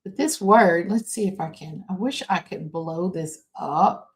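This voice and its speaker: Low-voiced woman hosting a chatty podcast. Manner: halting, with many fillers and restarts. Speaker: podcast host. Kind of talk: casual commentary podcast. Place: home.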